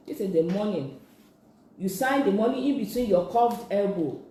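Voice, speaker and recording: A sign language instructor, teaching slowly and patiently in a live-streamed lesson, repeating each phrase many times. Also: mid-range voice, expressive, warm tone. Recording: echoey room.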